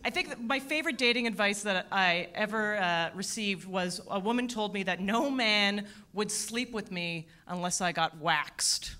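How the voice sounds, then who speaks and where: A woman in her thirties doing a stand-up set in a theatre, self-deprecating with deadpan punchlines. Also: medium pitch, moderate pace, few pauses. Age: 30s. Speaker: stand-up comedian. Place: theatre stage at a comedy festival.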